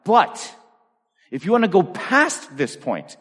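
A man in his forties, a pastor, telling personal stories in a sermon and acting out the dialogue with lively swings. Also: high-pitched, slow pace. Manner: animated storyteller acting out dialogue. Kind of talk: storytelling sermon. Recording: long reverb of a large hall.

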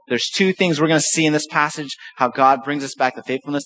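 A man with a high voice preaches a sermon as pastor. He reads scripture aloud, then explains it with animated emphasis. He poses rhetorical questions to his listeners. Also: fairly quick, few pauses, rough recording.

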